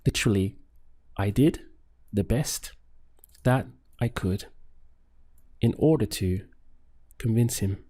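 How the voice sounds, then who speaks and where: A male language teacher leads a paced lesson, repeating each phrase and pausing for the learner. His voice sits low and mellow. He speaks very slowly and steadily. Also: husky.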